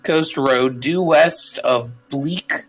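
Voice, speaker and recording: Man haltingly reading a legal deed. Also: mid-range voice, fairly bright tone, husky, soft background music, poor audio. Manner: halting, stumbling over words with fillers. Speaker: player. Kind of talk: tabletop game play, reading a deed aloud.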